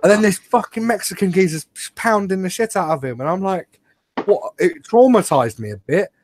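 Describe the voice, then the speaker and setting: A man's voice: sits high, expressive, normal speed, a little mellow, slight background noise. A young British man co-hosting a casual podcast, swearing freely and ribbing his mates. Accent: British English. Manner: sweary, mocking banter. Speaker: podcast co-host. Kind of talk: casual chat.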